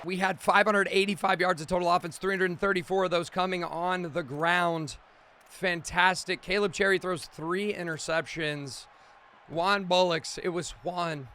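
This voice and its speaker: High, bright-voiced hyped young man. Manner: bursts into loud excited shouts, fast recaps. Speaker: gaming streamer. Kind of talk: hyped play-by-play game commentary.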